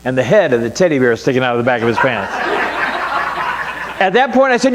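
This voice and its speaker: A man's voice: on the high side, big pitch swings, moderate pace, big-room sound, background noise. An older man, a pastor, telling a family story with wry humor in a sermon.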